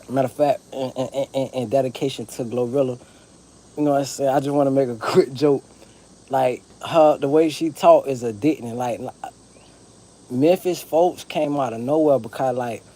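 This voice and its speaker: A man's voice: mid-range voice, warm tone. A man from Florida with a Southern accent, talking casually and profanely to camera in a rambling vlog monologue. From Broward County, Florida. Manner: rambling, profane, laid-back. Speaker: vlogger.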